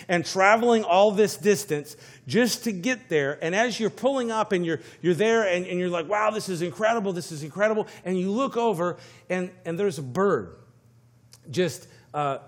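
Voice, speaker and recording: High-voiced male preacher, emphatic. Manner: emphatic, repeats key phrases. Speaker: pastor. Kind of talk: sermon.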